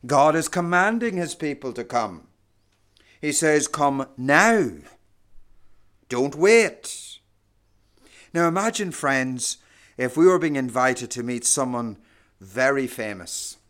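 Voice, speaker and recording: A man preaching a sermon, slow and emphatic, swinging from hushed lines to loud ones. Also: mid-range voice, expressive.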